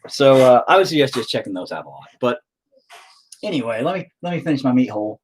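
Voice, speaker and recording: A man's voice: medium pitch, very animated, fast talker, breathy edge. A man with a rural Southern US accent, chatting casually while he paints, rambling, profane and self-mocking. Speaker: painting video host.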